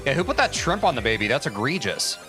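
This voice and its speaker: A young American man livestreams a game and chats casually with viewers, mocking himself and swearing freely. His medium-pitched voice swings widely in pitch, he talks fast, and music plays in the background.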